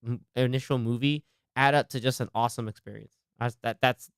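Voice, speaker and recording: A man's voice: medium pitch, fairly even intonation, fairly quick, smooth, no room sound. A man hosting a casual movie podcast, talking with animation and acting out scenes in quoted voices on a studio mic. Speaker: podcast host.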